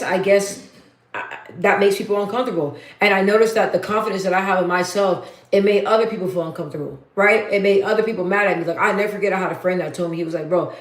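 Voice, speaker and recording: A woman with a deep, bassy voice chatting casually as host of her livestream, blunt and matter-of-fact and repeating herself for emphasis. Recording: roomy echo.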